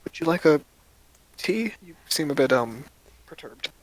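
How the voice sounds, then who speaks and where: A kindly, polite shopkeeper woman voiced by a man talks gently in a lifted, mid-range voice. She hesitates often and stumbles over her words. The recording is close and dry. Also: on the high side, expressive, a little slow, no echo, pitched above the performer's own voice, poor audio. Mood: solicitous. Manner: gentle, hesitant, many fillers. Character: kindly polite female shopkeeper of a magic tea shop.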